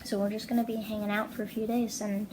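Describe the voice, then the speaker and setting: A woman's voice: mid-range voice, level tone, fast. Young woman, casual vlog talk, rambling with fillers, noisy home recording. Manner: chatty, rambling with many fillers. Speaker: vlogger. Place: house, indoors.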